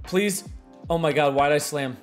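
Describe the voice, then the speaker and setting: A young man giving excitable live commentary on his own video game play, muttering one moment and shouting the next. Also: on the high side, a little slow, over music. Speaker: gaming streamer.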